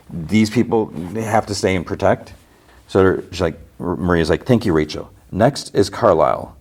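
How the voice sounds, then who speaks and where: A man's voice: low-pitched, moderate pace, a little mellow. A man hosting a podcast, casually retelling a TV episode scene by scene, quoting the characters loosely and adding his own asides. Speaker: podcast host.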